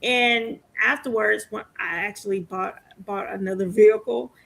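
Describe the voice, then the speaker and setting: 40s woman podcast host, bright with a gravelly edge, animated and laughing a lot. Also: medium pitch, moderate pace. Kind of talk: casual interview chat.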